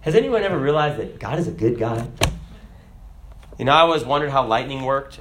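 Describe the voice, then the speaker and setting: A man's voice: mid-range voice, animated, fairly quick, noisy background. A man preaching a sermon, asking the congregation rhetorical questions and reading scripture aloud.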